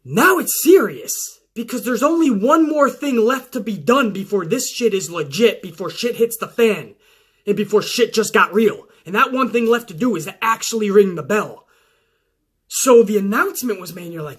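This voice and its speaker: Give me an excitable man with a bright, high voice, cursing through a casual wrestling recap. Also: fairly quick. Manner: excitable, heavily profane storytelling. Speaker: wrestling show host.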